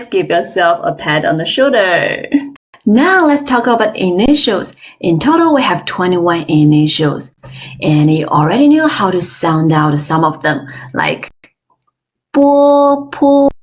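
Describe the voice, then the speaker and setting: A woman teaching an online language class, modeling sounds slowly and with exaggerated tones, praising often. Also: on the low side, sing-song. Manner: slow, careful, exaggerated tone demonstrations; encouraging, frequent praise. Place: online webinar.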